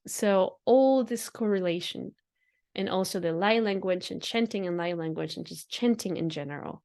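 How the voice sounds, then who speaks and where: Musing on spiritual matters, this woman hosting a podcast speaks in a mid-range, somewhat mellow voice. Her reflective monologue is earnest, full of repeated phrases and frequent laughter.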